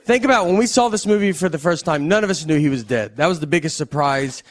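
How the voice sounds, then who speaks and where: A man performing a stand-up comedy set in a slow, deadpan drawl with wry pauses, recorded live. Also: on the high side. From American South. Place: live comedy venue with audience laughter.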